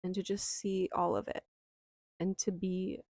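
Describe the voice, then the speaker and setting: A young woman slowly and softly telling a personal memoir, reflective and unhurried, with lingering pauses. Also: on the low side, level tone, dry recording. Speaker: storyteller.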